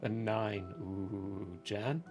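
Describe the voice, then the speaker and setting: A man running a tabletop horror game as game master, calmly narrating and explaining the rules. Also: lowish voice, extremely slow, music in the background. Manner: calm, matter-of-fact rulings and narration.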